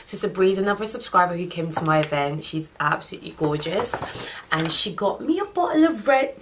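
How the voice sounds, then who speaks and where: A young woman, chatting casually through a gift unboxing vlog, warm and thankful. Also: on the low side, expressive, fairly quick, noisy background. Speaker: vlogger.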